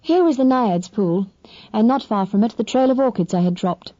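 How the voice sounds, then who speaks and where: A woman reading a novel aloud in measured, expressive first-person narration. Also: a little high, no room sound, dull audio. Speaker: audiobook narrator.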